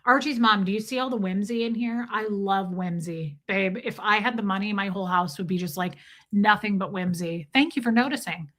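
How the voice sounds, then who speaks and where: A woman's voice: medium pitch, brisk, fairly bright tone. A middle-aged woman hosting a casual livestream, chatting in a rambling way, filling her talk with "like" and greeting commenters by name mid-story. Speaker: livestream host.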